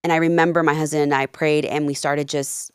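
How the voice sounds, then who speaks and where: Low-voiced woman telling her story. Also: fairly quick, clean tone, no room sound, studio quality. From New Jersey, of Peruvian family. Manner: earnest, animated retelling with quoted dialogue. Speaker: guest, life coach. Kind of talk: candid storytelling in a podcast interview.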